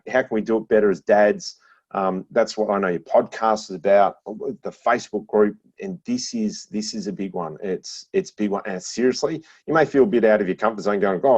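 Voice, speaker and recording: A middle-aged man, a podcast guest, chatting casually and telling animated stories, laughing often and restarting his phrases. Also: on the low side. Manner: animated storyteller with frequent laughs and repeated restarts. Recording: dull lo-fi sound.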